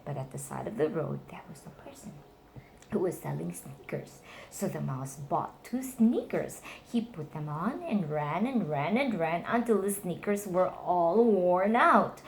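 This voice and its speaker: Animated woman reading mouse stories. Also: a little slow, vocal fry, slight background noise. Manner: animated, voices characters in high squeals. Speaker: reading stories to her nephew. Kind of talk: bedtime storybook reading aloud.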